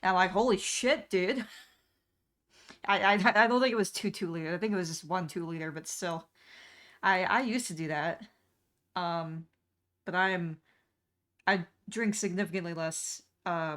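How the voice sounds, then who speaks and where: A woman's voice: on the low side, a bit bright. A young woman streamer chatting casually while she draws, rambling with lots of fillers and restarts. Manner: rambling, many fillers and restarts, laughs often.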